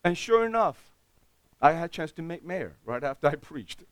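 A man preaching a sermon as pastor, speaking with dropped articles and swinging between loud outbursts and quiet asides. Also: on the high side, very animated, normal speed, smooth, dry recording. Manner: plain broken English with dropped articles.

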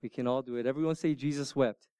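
A middle-aged man preaching a sermon, emphatic and animated at times, then dropping to soft, near-whispered words. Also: medium pitch, fast talker, smooth, no echo, clean studio sound. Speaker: pastor.

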